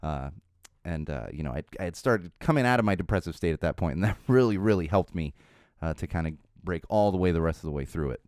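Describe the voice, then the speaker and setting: A man's voice: low voice, expressive, fast talker, a little mellow, dry recording, studio quality. A middle-aged man hosting a podcast, telling stories in a casual monologue that rambles through restarts and asides. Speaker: podcast host.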